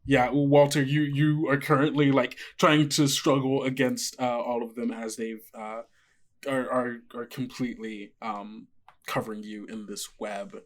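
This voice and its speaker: A man's voice: medium pitch, little pitch movement, a little slow. Man running a tabletop game. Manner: casual, filler-heavy narration. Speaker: game master.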